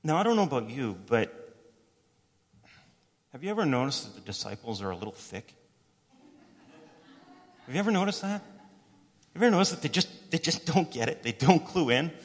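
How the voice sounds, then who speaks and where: A man preaching a sermon in a relaxed, conversational way, retelling stories and briefly voicing the people in them. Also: mid-range voice. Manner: conversational, animated storytelling with quick voices for quotes. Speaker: pastor. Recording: reverberant hall.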